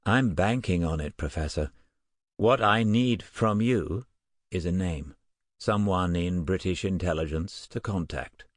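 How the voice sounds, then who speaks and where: A resolute man speaks in a firm, deep voice, as a male narrator reads him. His words come dry and close in a storybook reading. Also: unhurried, dry recording. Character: resolute man set on a dangerous mission.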